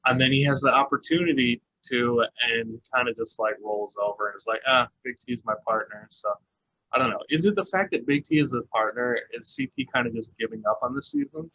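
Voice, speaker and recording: A man's voice: mid-range voice, brisk, sharp tone, highs cut off. A man co-hosting a podcast, recapping a reality show in a chatty, casual way with lots of fillers and laughter. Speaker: podcast co-host.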